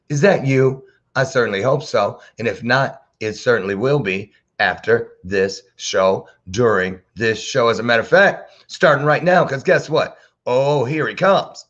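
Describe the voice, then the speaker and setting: A man's voice: on the low side, animated, unhurried, fairly bright tone. A man hosting a talk show, bantering playfully with a preacher-like flair over a video call. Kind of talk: casual interview chat. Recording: dull lo-fi sound.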